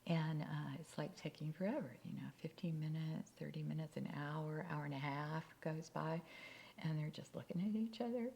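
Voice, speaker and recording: A woman tells a story as part of a sermon in a low, conversational voice with a gravelly edge. She often sinks to a near-whisper for emphasis. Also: moderate pace, warm tone, slight background noise.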